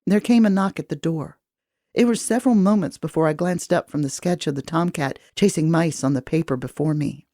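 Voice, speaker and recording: A woman reading first-person audiobook narration in a measured, even way. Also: low-pitched, no room sound, studio quality.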